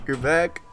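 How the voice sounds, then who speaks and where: A young man hosting a podcast, reading a visual novel aloud and breaking off to chat and laugh at himself. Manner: laughs easily, self-deprecating. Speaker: podcast host, reader.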